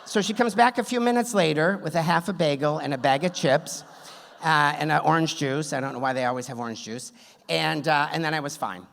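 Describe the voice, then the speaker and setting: A man's voice: a little high, a little fast, gravelly, a bit bright. Wry male storyteller on a stage. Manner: wry, self-deprecating, comic timing. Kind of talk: live story slam telling. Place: stage in a theater hall. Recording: long hall reverb, on stage.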